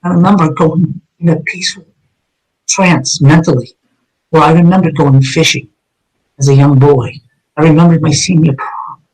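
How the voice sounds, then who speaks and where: Middle-aged ex-cop guest, blunt intense storyteller, slightly higher voice. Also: male voice, steady tone, moderate pace, pauses often, darkish tone, breathy edge, poor audio. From Massachusetts, USA. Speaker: guest, retired police detective. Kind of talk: personal story told in an interview.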